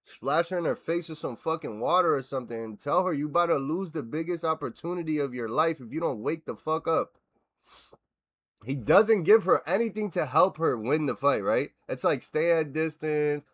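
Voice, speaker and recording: A man's voice: on the high side, a little fast. Profane man ranting about fights. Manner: profane, blunt, animated ranting. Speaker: reaction video host. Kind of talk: casual fight reaction rant.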